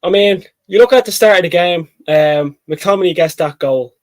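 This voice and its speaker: A man co-hosting a casual football match-reaction chat, excitable and rambling, often calling his co-host mate. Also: high voice, normal speed, no echo, low-quality recording.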